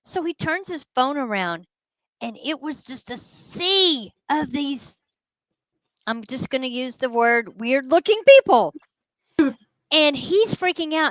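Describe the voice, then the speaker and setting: A woman, a guest ghost hunter telling a story in casual, animated talk. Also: high voice, slow pace, no echo, rough recording. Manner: animated, addresses listeners as y'all.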